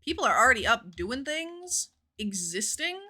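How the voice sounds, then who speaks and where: Woman streamer, casual live gaming chat, bubbly, swears a lot, very lively pitch, rather high voice. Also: normal speed.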